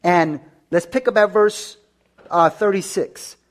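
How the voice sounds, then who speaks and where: A man's voice: sits high, slow pace. A man preaching a sermon, reading scripture aloud, questioning his listeners and repeating key words for emphasis, with frequent stammered restarts.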